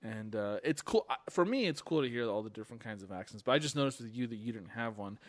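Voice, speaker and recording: A man's voice: medium pitch, expressive, fast, no echo. A man from California co-hosting a podcast, joking and rambling in casual chat and laughing often. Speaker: podcast co-host.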